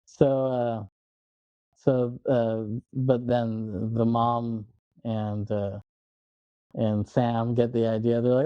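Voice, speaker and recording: A man co-hosting a podcast, retelling a film scene by scene in casual, rambling chat, slipping into quick voices for the characters. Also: medium pitch, level tone, dry recording, dull audio. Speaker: podcast co-host.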